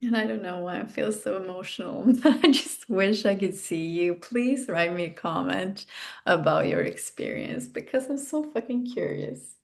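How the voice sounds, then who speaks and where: A woman's voice: medium pitch, moderate pace, creaky. A woman hosting a podcast, guiding a self-development exercise in an intimate, frank way, swearing casually. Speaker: podcast host and coach.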